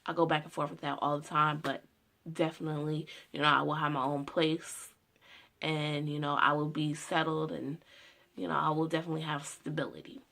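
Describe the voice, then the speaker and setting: A woman's voice: deep voice, flat delivery, a little fast, gravelly, a bit bright. A woman in her twenties giving a casual personal monologue about her future, rambling with many "you know" fillers. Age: 20s. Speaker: student making a personal video.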